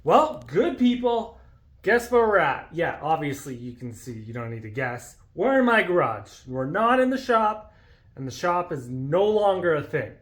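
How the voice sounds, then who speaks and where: A man's voice: a little high, big pitch swings, normal speed. A man vlogging casually from his home garage, rambling and self-deprecating, stumbling over his words. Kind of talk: casual vlog chat.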